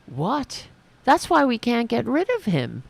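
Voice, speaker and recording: A woman's voice: on the high side, huge pitch swings, a little slow, vocal fry, dry recording. A woman hosting a political talk show, ranting with indignation and many restarts. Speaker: podcast host. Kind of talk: political commentary.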